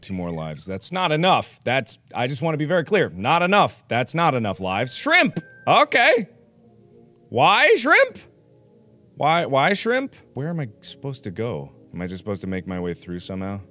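A man commenting on a video game as he plays it, loud and exasperated, swearing freely and breaking into sudden yells. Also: medium pitch, wildly swooping pitch, unhurried. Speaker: let's play host.

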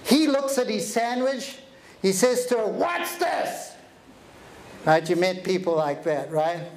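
A man giving an energetic, animated motivational talk, telling stories and joking with a live audience in a hall. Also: high voice, normal speed, slight background noise. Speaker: motivational speaker. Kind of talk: keynote storytelling to a live audience. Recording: echoey hall with faint ambience.

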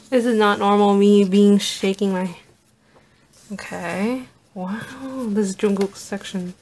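Woman, vlogger, unboxing narration, slow unhurried delivery, gushing and awed. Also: medium pitch, background noise. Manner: awed, gushing exclamations, soft asides.

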